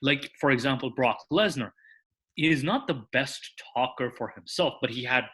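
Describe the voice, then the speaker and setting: Bright-voiced man rambling through explanations. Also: mid-range voice, normal speed. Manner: rambling, restarts, tags sentences with "that is". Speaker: podcast guest. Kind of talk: explanatory casual chat.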